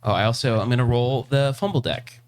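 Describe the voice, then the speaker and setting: A man running a tabletop game as game master, talking in a halting, hesitant way as he thinks aloud. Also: mid-range voice, darkish tone, a little hiss or hum.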